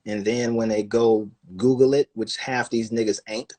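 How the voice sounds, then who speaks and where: Husky-voiced guy going off on a phone live stream, cussing, doing little voices for people. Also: medium pitch, normal speed. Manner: animated, profane, acts out voices of other people. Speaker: livestream host. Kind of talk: casual livestream rant.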